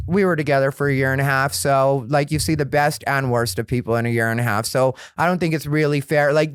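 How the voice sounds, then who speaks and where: A male comedian hosting his own podcast, telling stories in a frank, rambling way that grows animated. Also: mid-range voice, smooth, no room sound, studio quality. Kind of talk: candid solo podcast storytelling.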